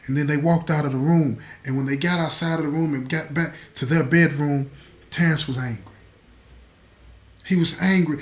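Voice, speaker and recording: Slightly high-voiced male storyteller, roomy echo. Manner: conversational, with asides to the listener. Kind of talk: narrating a dramatic true-life story. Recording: echoey room.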